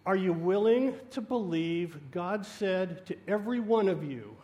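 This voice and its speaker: A man preaching a sermon, telling a story in an animated and self-mocking way. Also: high voice, unhurried, highs cut off. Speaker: guest preacher.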